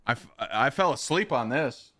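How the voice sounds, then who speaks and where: A young man live-streams a game in a mid-range, expressive voice at normal speed, pushed and bright with no room sound. He chats casually, rambling and swearing, reading viewers' chat aloud and answering their questions.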